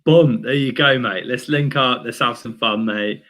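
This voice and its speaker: A young man talking football in an energetic, slangy casual chat, calling everyone mate. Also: medium pitch, normal speed. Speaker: guest fan. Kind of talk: casual fan chat stream.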